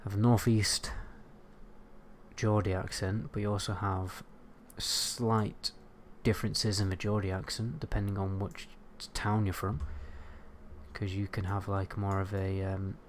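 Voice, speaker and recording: A man's voice: fairly low pitch, little pitch movement, a little slow, slight background noise. A man with a British accent chatting casually on a game livestream, rambling and swearing as he answers chat. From United Kingdom. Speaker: game streamer.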